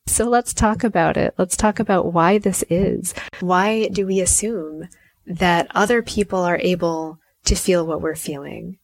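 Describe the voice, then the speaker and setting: A woman's voice: on the low side, unhurried, dry recording. A woman in her forties hosting a solo podcast as a life coach, telling a family story and acting out the dialogue. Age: 40s. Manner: warm storytelling, acts out dialogue.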